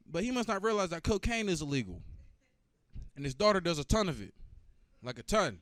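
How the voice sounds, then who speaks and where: A young man doing stand-up comedy, profane and animated, bantering with the audience. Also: high voice, brisk, no echo.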